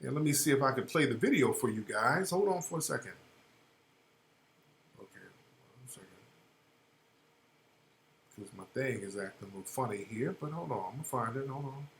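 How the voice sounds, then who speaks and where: A man's voice: mid-range voice, lively intonation, moderate pace, pauses often, fairly bright tone, echoey room, slight background noise. A man hosting a talk radio show, giving blunt, profane commentary and repeating phrases for emphasis.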